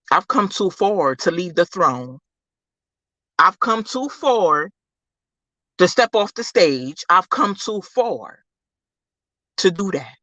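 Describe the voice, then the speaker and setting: A livestream host giving an emphatic, repetitive faith-based pep talk, calling listeners "baby" and swinging from low, slow murmurs up to high, loud bursts. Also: dry recording, muffled recording. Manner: preachy, emphatic, repeats phrases, calls listeners baby.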